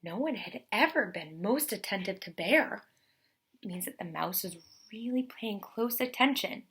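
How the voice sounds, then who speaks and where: A woman teacher reading a picture book aloud to children in an expressive way, stopping to explain words. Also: mid-range voice, normal speed. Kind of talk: children's read-aloud narration.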